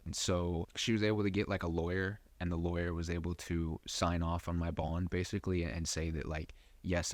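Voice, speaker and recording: Low-voiced young man telling a story. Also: no room sound. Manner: profane, rambling, full of fillers. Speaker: podcast host. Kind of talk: casual storytelling.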